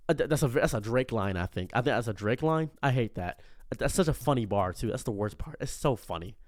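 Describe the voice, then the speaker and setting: A man giving an unscripted commentary monologue as a streamer, animated and prone to tangents, often stopping himself mid-sentence. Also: on the high side, dry recording.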